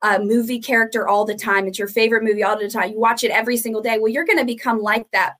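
A woman guest teaches on a podcast in a slightly raised voice. She lays out her points in a steady, earnest way and circles back to stress them. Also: a little high, fast. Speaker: ministry founder, guest.

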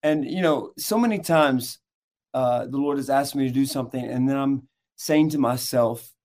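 A man's voice: medium pitch, moderate pace, darkish tone. A man, a guest minister and author, giving earnest, preacher-like answers in an interview.

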